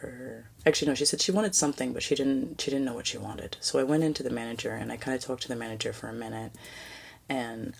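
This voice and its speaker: A woman hosting a spiritual podcast, telling a personal story in a soft, halting way that often sinks to a near-whisper, with many fillers and restarts. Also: extremely low pitch, gravelly, husky. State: tearful, emotional. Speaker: podcast host.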